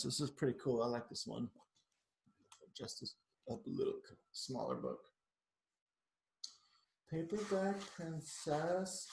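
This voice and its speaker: A man's voice: fairly high pitch, roomy sound. Chatty man reading a picture book aloud. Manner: chatty, adds asides to the kids. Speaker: teacher reading to children.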